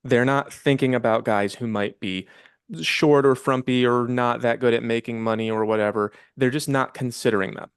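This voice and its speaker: A man who is a podcast guest, explaining his view in a calm conversational way. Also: mid-range voice, normal speed, smooth, no room sound, studio quality.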